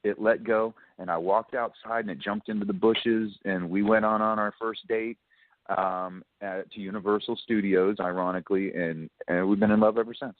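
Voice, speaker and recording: A chatty man calls in to a radio show and spins a long story, acting out every line of dialogue and breaking into laughter. His voice sits fairly low and sounds dry and tinny, as if squeezed through a phone line. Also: moderate pace, no echo. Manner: chatty, animated storyteller who acts out quotes and laughs often. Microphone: telephone.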